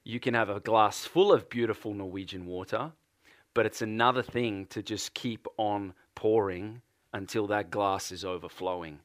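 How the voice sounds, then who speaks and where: A man's voice: fairly low pitch, moderate pace, no room sound, studio quality. A man from Australia with an Australian accent, preaching a sermon and putting earnest repeated questions to a congregation.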